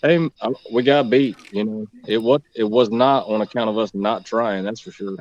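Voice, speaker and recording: A man's voice: fairly low pitch, steady tone, normal speed, darkish tone. Laid-back male guest, hedging fillers, muffled lo-fi sound. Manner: laid-back, lots of "I mean" and "you know". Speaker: guest angler. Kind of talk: casual chat.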